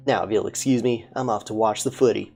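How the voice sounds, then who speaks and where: A woman voicing a crude, lazy male police commissioner, gruff and swearing, in a game playthrough. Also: rumbling low, dark tone, heavily acted.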